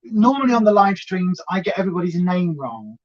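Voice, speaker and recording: A woman's voice: fairly low pitch, big pitch swings, brisk, highs cut off. A woman co-hosting a home live stream, chatting casually and greeting viewers by name. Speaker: co-host of a weigh-in live stream.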